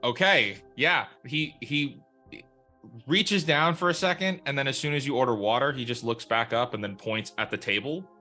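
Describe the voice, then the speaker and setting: Bright-voiced man running a tabletop game. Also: medium pitch, normal speed, soft background music. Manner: relaxed, meandering, with fillers. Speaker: game master.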